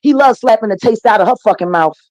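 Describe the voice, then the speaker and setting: A woman's voice: fairly high pitch, expressive, quick pace, darkish tone, muffled recording. A middle-aged woman telling a heated story in an interview, swearing freely and combative. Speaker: interview guest. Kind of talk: profane phone interview.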